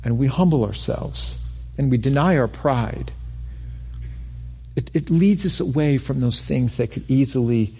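Husky-voiced preacher, chatty restarts. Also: male voice, mid-range voice, warm tone. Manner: conversational preaching with repeated restarts and rising emphasis. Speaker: pastor. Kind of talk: sermon.

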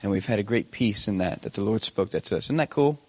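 A man's voice: fairly low pitch, animated, fast talker, fairly bright tone, breathy edge. A young man speaking as a guest missionary preacher, earnest and chatty with a self-deprecating humor. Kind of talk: sermon.

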